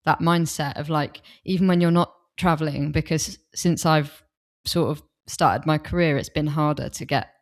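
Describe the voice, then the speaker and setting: Speaking into a desk microphone, a female podcast guest with a fairly low voice talks openly and enthusiastically at a normal speed. Her intonation stays fairly even, and in the casual conversation she often breaks off and restarts her thoughts.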